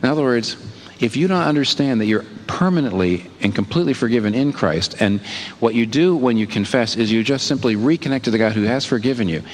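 Man preaching with lively expressive delivery. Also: mid-range voice, fairly quick. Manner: expressive, asks rhetorical questions, swings from hushed to emphatic. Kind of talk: sermon. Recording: long reverb with faint background noise.

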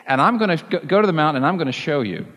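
A man's voice: on the high side, very animated, very fast, fairly bright tone, big-room sound, pitched above the performer's own voice, full character voice. A man voicing a bold prophet, speaking his challenge in a brash, boastful way. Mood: challenging.

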